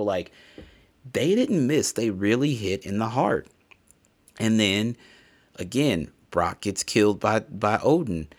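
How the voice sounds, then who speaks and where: Brief: very deep male voice, casual solo game review, emotional, swears freely. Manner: emotional, profane, rambling. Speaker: gamer reviewing a video game.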